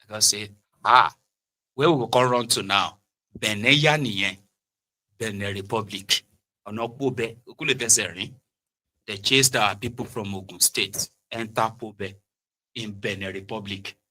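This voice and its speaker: A Nigerian man with a Yoruba-inflected accent giving animated political commentary, switching between Pidgin, Yoruba and English and mimicking people mockingly. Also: on the low side.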